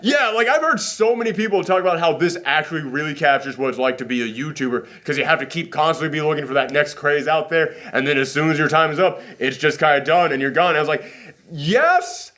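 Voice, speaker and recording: A man's voice: on the high side, fast, hardly any pauses, fairly bright tone. A man hosting a casual movie reaction chat, rambling and self-deprecating, with a runny nose. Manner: rambling, self-deprecating, acts out quotes in silly voices.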